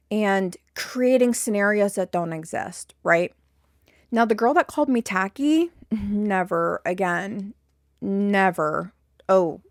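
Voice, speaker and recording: A woman's voice: on the high side, a little mellow, no echo, studio quality. A young woman hosting a podcast, venting a long story to her listeners, indignant and repeating herself, rising to exasperated peaks. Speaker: podcast host.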